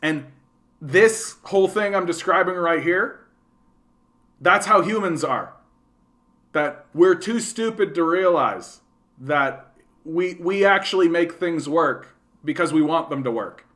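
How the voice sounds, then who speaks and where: A man's voice: a little high, lively intonation, takes it slowly, long pauses, fairly bright tone. A man with a Canadian accent hosting a casual livestream, rambling and swearing, and often tagging his sentences with "right?". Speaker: livestream host.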